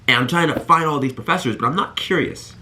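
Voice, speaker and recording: A man in his twenties talking to camera, giving earnest and animated college advice and telling stories straight to his viewers. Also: a little high, fast talker. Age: 20s. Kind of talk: energetic talk to camera.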